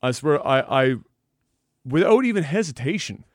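A man with a somewhat high voice tells a story in casual podcast chat, swearing freely and laughing as he goes. The sound is dry and close, with no room around it. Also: moderate pace, no room sound. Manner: profane, animated storytelling with laughter. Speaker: podcast co-host.

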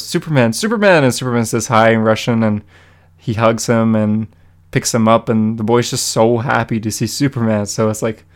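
A man's voice: mid-range voice, clear, resonant tone. A man hosting a comic book podcast, recapping an issue in an enthusiastic, rambling way, close to his mic. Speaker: podcast host. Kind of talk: casual chat recapping a comic.

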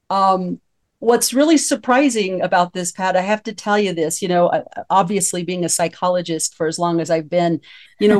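Animated woman psychologist hosting a talk show. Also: medium pitch. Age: 50s. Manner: animated, chuckling, storytelling. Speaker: host, psychologist. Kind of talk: radio talk show chat.

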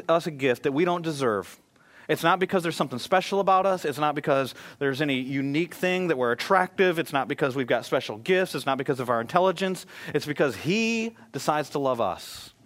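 A man preaching a sermon as pastor, telling funny stories about himself before turning to scripture. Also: medium pitch. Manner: animated storytelling, self-deprecating humor.

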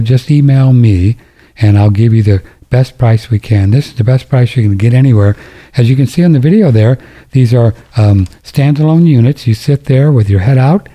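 Older male talk radio host, very dark tone, loose and jokey, self-interrupting. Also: mid-range voice. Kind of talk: casual talk radio with ad reads.

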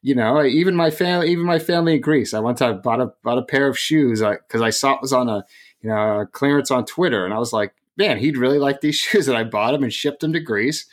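A young man on a casual podcast, animated and jokey as he rambles through stories. His voice sits at an average pitch for a man. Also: fairly quick. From rural area. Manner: animated, jokey, lively storytelling. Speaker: podcast co-host.

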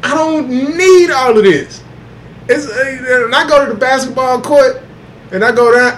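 A podcast co-host chatting casually in a high voice for a man. He is animated and profane and laughs a lot, with faint noise in the background. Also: a little slow. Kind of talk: casual chat.

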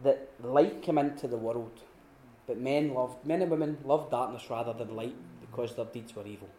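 A man giving an informal teaching talk at a retreat, telling stories with lively restarts and acted-out quotes. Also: mid-range voice, moderate pace, slight background noise. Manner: animated storytelling with many restarts and acted-out quotes. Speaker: retreat speaker. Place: room at a retreat. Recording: echoey room.

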